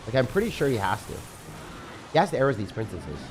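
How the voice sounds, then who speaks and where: A man with a rough morning voice giving casual live commentary on a game he is playing, chatting and reading viewer comments aloud. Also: mid-range voice, big pitch swings, fast talker, music in the background. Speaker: game streamer.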